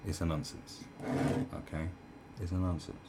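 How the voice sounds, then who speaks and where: A man's voice: low voice, little pitch movement, moderate pace, heavy background noise. A man delivering a heated, profane commentary rant, full of stumbles and restarts. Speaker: commentary vlogger. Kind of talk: ranting commentary.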